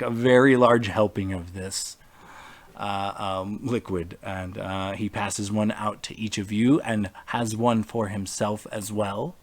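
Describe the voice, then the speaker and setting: A man narrating as game master over online voice chat, describing scenes in a loose, rambling way full of fillers. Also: on the low side.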